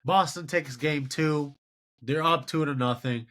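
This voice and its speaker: A man in his twenties hosting a solo sports show, giving animated, exasperated commentary on game results. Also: on the high side, measured pace. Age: 20s. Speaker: podcast host.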